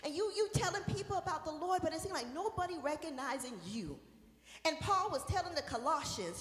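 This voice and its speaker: A woman minister preaching a sermon, shouting and singing out praise at times and dropping to a soft, talking tone at others. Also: high voice, animated, a little fast, reverberant, big-room sound, soft background music. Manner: shouts and sings out praise, then drops to a soft conversational tone.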